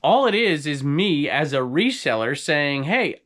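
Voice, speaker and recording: A man's voice: fairly high pitch, sing-song, a little slow, a bit bright. Opinionated man in a rambling vlog. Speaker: reseller vlogger. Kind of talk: casual talking-to-camera vlog.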